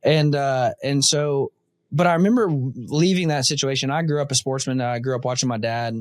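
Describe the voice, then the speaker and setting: Male podcast host, mid-pitched, animated storyteller, dry studio sound. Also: moderate pace, no room sound. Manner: animated storyteller, acts out quotes. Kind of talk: casual conversation.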